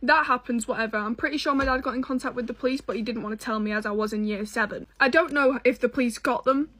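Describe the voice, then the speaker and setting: A woman's voice: on the high side, fast, pushed and bright. A young British woman telling a storytime to her viewers in a casual, sassy way, full of swearing and dramatic asides. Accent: British English.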